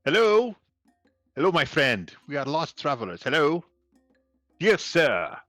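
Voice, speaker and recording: Male player voicing a fawning, courteous traveler in a lively, animated tone, dry close mic. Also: medium pitch, moderate pace, husky, no echo, faint music behind. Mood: polite, fawning. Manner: courteous, formal, put-on accent. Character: overly polite male traveler, bowing, humble.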